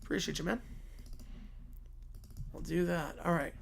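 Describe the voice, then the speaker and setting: A man's voice: fairly high pitch, measured pace, gravelly, long pauses. A man hosting a livestream, chatting casually and offhandedly with his viewers. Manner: relaxed, offhand, talking to chat. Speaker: livestream host.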